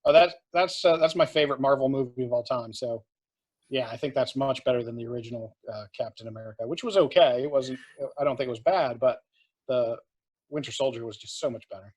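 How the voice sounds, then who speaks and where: A man joining a podcast as a guest, talking in a mid-pitched everyday voice. He gives blunt verdicts and drops dry jokes in casual conversation. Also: fairly quick, darkish tone. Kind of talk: casual chat.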